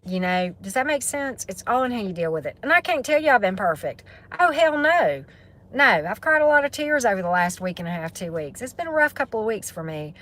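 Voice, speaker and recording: A woman's voice: medium pitch, sing-song, a little fast, fairly bright tone. A woman with a Southern US accent, a tarot reader chatting casually on a livestream, rambling and answering viewer comments. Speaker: tarot reader and spiritual coach.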